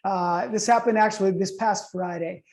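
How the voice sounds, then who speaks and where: Brief: man in his thirties, casual storyteller addressing listeners directly, fairly high voice, soft mellow tone. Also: steady tone, moderate pace. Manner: conversational, builds suspense with questions to listeners. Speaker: storyteller speaking to an online audience. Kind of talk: personal storytelling.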